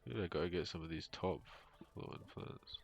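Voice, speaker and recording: A young father streams a game from his home room on a headset, his deep voice creaky and at a normal speed. He rambles casually in gaming stream chat, heavy on fillers and dry jokes, over dull lo-fi sound with music behind.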